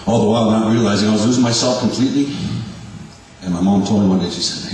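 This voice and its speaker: A man in his forties giving a halting, self-deprecating personal testimony to a church congregation. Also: fairly low pitch, a little mellow. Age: 40s. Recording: echoey hall from far off, faint hum.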